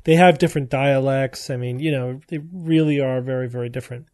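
A man's voice: medium pitch, steady tone, fairly quick, darkish tone. A man hosting a podcast in casual chat, explaining his points and checking in with the others. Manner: explains points and asks "you know what I mean". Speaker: podcast host.

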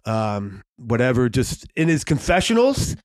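A podcast co-host with a medium-pitched, sing-song voice tells a long story in a casual chat, unhurried. He rambles, using lots of fillers and swearing.

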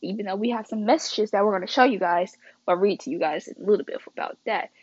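A woman's voice: mid-range voice, fast talker, a little mellow, dry recording, lo-fi sound. A young woman casually telling a story to her viewers, chatty and slangy, acting out quoted dialogue dramatically. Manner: slangy and chatty, addresses the audience as guys and y'all.

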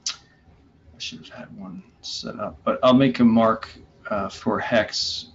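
A man's voice: lowish voice, big pitch swings, slow pace, vocal fry. A man running a tabletop game as game master, narrating in a hesitant way with many fillers and restarts. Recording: dull lo-fi sound with faint room noise.

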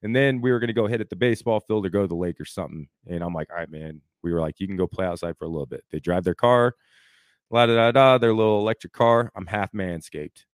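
Lively man telling a story on a podcast. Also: low-pitched, fast, hardly any pauses, no echo, clean studio sound. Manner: animated storyteller acting out quotes, says "dude" a lot. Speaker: podcast co-host. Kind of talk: casual storytelling chat.

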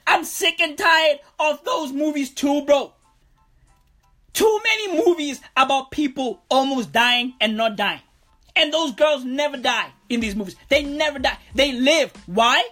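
A woman's voice: sits high, big pitch swings, unhurried, fairly bright tone, faint music behind. A woman comedian doing a profane, rambling stand-up rant, tossing in "bro" constantly.

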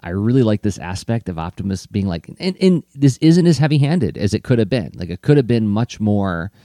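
A man co-hosting a casual chat, animated, often laughing and acting out quotes. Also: lowish voice, a little fast, no room sound, studio quality. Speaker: podcast co-host.

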